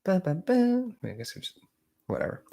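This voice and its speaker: A man reading a hearing transcript aloud, breaking off to mutter quiet asides to himself. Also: sits high, sing-song, moderate pace, creaky. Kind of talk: casual read-aloud with asides.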